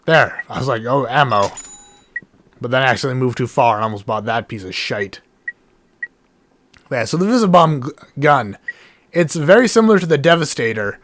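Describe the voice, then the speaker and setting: A man hosting a let's play, giving casual rambling commentary with frequent self-corrections and jokey asides, his voice going hoarse and cracking. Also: medium pitch, lively intonation, brisk, fairly bright tone, slight background noise. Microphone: desk mic with a cable that gets knocked. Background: game music.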